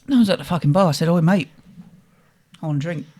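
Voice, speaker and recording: Animated young Englishman telling a story. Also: a little high, quick pace. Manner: animated, swears freely, quotes people in the story. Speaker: podcast co-host. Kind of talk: casual storytelling.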